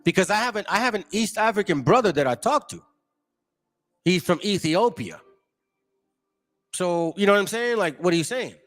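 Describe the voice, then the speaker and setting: A man's voice: sits high, lively intonation, normal speed, pauses often, fairly bright tone. Combative man hosting a livestream. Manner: combative, mocking, talks back to viewers. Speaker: channel host. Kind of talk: livestream commentary reading chat.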